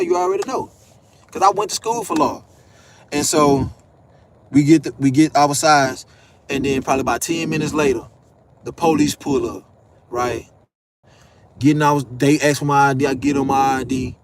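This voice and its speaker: A man's voice: mid-range voice, noisy background. A young man telling a heated, profane story as a vlogger, acting out the people he quotes in raised voices. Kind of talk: animated storytelling rant.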